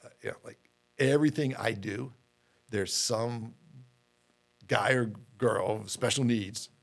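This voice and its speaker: A man's voice: mid-range voice, measured pace, vocal fry. A middle-aged man, a podcast guest, telling his story in a candid, rambling way with many fillers and repeated words.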